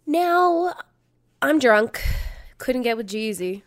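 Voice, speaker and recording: A woman in her thirties with a slightly high voice tells a story in a loose, profane monologue. She acts out every quote and laughs her way through the retelling. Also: very animated, slow pace. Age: 30s.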